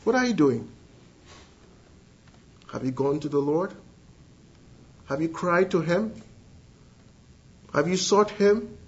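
A high-pitched man preaching with earnest conviction, dropping to quiet lines and then climbing into emphatic appeals. The recording is dull and lo-fi, its highs muffled. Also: animated, takes it slowly, pauses often, husky. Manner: earnest, swings between hushed and rising emphatic appeals. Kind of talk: sermon. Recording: dull lo-fi sound.

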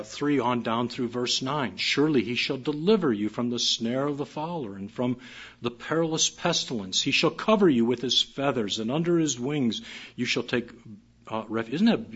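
A man's voice: medium pitch, normal speed, a bit bright, breathy edge. A man preaching a morning sermon, reading scripture aloud and repeating key phrases with emphasis. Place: church service. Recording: muffled dull recording.

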